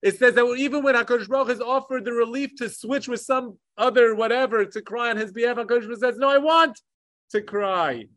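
A man teaching a Torah lecture with passion, mixing Hebrew learning terms into English and swinging between emphatic peaks and hushed asides. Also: very high voice, steady tone, fast, hardly any pauses, dry recording, studio quality. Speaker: rabbi. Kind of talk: Torah lecture on the Tisha B'Av kinos.

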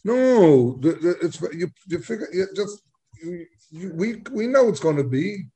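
A man teaching a Talmud class, halting and repeating words as he searches for them. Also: high voice, sing-song, warm tone, husky.

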